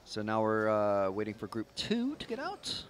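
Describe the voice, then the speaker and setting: A man's voice: fairly low pitch, huge pitch swings, normal speed, a little hiss or hum, poor audio. A man giving casual, rambling live race commentary with lots of fillers. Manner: chatty, rambling, with frequent fillers. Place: outdoor racetrack, trackside.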